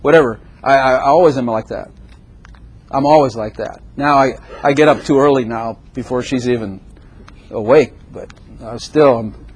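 An older man preaching a sermon to a congregation, animated and exhorting, often acting out prayers in his own voice. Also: medium pitch, normal speed, slightly rough.

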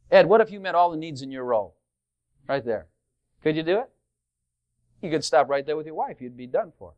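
A man preaching a sermon to a congregation, asking rhetorical questions and swinging into loud emphatic passages. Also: high-pitched, big pitch swings, moderate pace.

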